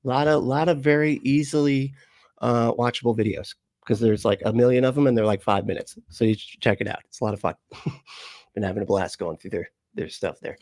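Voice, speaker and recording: A man's voice: mid-range voice, fairly quick, a little mellow, no room sound, clean studio sound. Man chatting with his livestream viewers. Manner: profane, laughs often, chats with viewers. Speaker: host. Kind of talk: casual livestream commentary.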